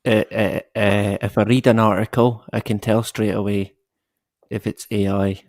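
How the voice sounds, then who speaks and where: A man's voice: lowish voice, flat delivery, normal speed, a little mellow, no echo, studio quality. A man chatting as a guest, hesitant and laughing as he tells stories. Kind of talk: casual chat.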